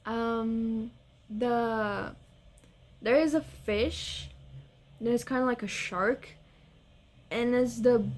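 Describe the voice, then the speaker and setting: Excitable young woman gamer, slow-talking. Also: on the high side. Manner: excitable, swings between scared and cooing over cute creatures. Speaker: gaming vlogger. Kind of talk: casual gameplay chat.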